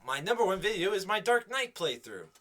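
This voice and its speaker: A man's voice: high voice, very animated, a little fast, bright, forceful tone. A young man co-hosting a casual podcast chat, teasing and jokey. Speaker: podcast co-host.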